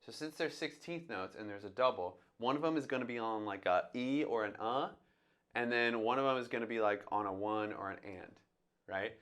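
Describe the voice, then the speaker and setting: In a brisk, mid-range voice with a fairly bright tone, a man walks through drumming in a relaxed instructional way. He reasons aloud one step at a time and vocalizes the drum sounds.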